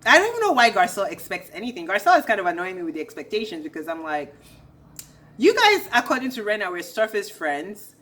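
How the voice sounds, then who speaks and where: A woman's voice: mid-range voice, very animated, quick pace, hardly any pauses, fairly bright tone. A young woman ranting through a casual recap of a reality show, sassy and blunt with a gossipy edge.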